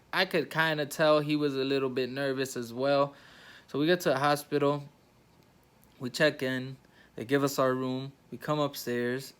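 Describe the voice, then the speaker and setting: A young man talks straight to his viewers, retelling a family event in a loose, rambling vlog style. His voice sits at an ordinary middle pitch, and he keeps circling back with fillers and restarts as the story tumbles out. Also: a bit bright, clean tone. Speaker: vlogger.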